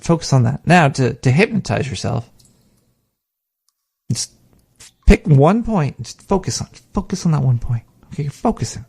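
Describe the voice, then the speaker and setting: Gravelly, rambling man hosting a podcast. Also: medium pitch, moderate pace, pauses often. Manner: rambling, profane, animated, mimics inner voice. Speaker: podcast host. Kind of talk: casual monologue on meditation. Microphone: studio microphone.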